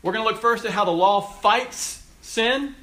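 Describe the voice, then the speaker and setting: A man's voice: high voice, normal speed, fairly bright tone. A man preaching a sermon, teaching through a text with emphatic rises on the verses he quotes. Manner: emphatic, rising on quoted scripture. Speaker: pastor.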